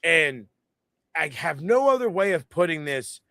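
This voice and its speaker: A man with a fairly high voice rattles through a wrestling recap, swearing freely and acting out quotes with mock voices. The sound is dry and close, with no room around it. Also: unhurried, no room sound. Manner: profane, animated storytelling with mocking quoted voices. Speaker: podcast co-host. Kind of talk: casual wrestling review chat.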